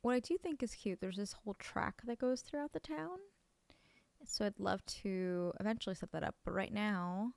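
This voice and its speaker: A woman streaming a video game in a casual, chatty way, with a gravelly edge to her voice. She gushes excitedly, then slips into soft near-whispers, all recorded close and dry. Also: mid-range voice, moderate pace, no echo. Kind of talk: casual let's-play chat.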